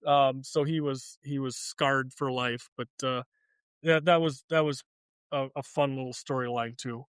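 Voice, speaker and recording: A man's voice: mid-range voice, steady tone, a little slow, fairly bright tone, clear, resonant tone, no echo. A man co-hosting a pop culture podcast, chatting casually with fillers and easy laughter. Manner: chatty, laughs easily, many fillers and restarts. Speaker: podcast co-host. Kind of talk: casual chat.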